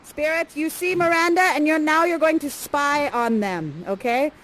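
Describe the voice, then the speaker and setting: A woman's voice: high-pitched, moderate pace, fairly bright tone, poor audio. A woman acting as guide and father figure in improvised interactive theatre, chatty, playful and encouraging. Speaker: actor guiding players as Prospero.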